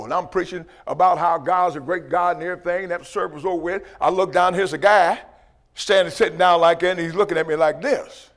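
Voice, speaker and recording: A man preaching a testimony sermon, emphatic and repetitive, often asking "you know what I mean" and restarting his words. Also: high-pitched.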